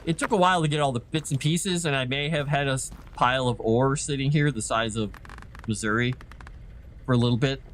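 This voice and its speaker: A man's voice: mid-range voice, fairly quick, fairly bright tone. A man giving goofy, casual commentary while he streams a game. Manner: goofy, chatty. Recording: noisy background.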